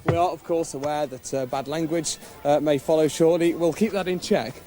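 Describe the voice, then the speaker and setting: A man presenting a live TV outside broadcast, joking and shouting over a party crowd. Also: on the high side, fairly quick. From England. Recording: noisy crowded house party.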